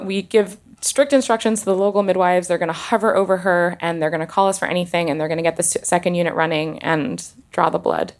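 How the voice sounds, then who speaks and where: A woman doctor telling a personal story in an earnest, halting way, with pauses and restarts. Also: lowish voice.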